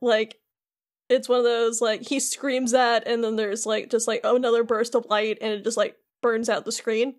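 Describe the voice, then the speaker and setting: Speaking at a moderate pace in a slightly high voice, a young woman co-hosting a podcast chats through a recap of a video game. Her delivery is lively and casual, thick with filler words, "like" above all.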